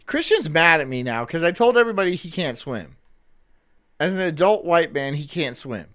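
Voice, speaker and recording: A man's voice: fairly high pitch, very animated, normal speed, fairly bright tone. A young man streaming on a headset mic, chatting casually in a joking, defensive way and laughing often. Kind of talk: casual livestream chat.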